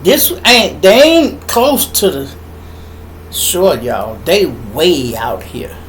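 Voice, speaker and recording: A middle-aged man with a Chicago accent hosting a podcast, telling a story in an animated, profane monologue and acting out voices and sound effects. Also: on the high side, extremely slow, a little hiss or hum, low-quality recording. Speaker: podcast host.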